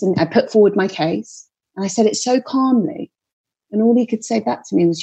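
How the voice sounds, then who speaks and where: A woman's voice: fairly high pitch, animated, quick pace, dark tone, breathy edge. A woman in her thirties, a singer-songwriter guest talking candidly, chatty and self-deprecating, swearing freely. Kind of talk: candid podcast conversation.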